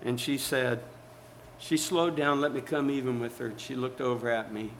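A man's voice: mid-range voice, steady tone, moderate pace, a bit bright, a little hiss or hum, rough recording. A man preaching a sermon as a pastor, emphatic and storytelling, calling out to the congregation.

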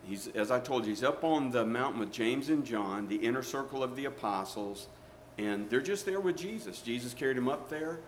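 A man's voice: mid-range voice, normal speed, a little hiss or hum. A middle-aged male pastor, preaching a sermon with emphatic rises and asides to the congregation.

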